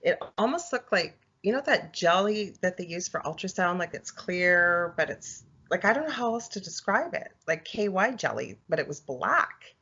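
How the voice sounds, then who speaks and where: Podcast guest, woman, low pitch, halting and chatty. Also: very animated, pushed and bright, husky. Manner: halting, many fillers and restarts. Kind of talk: casual storytelling interview. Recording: dull lo-fi audio.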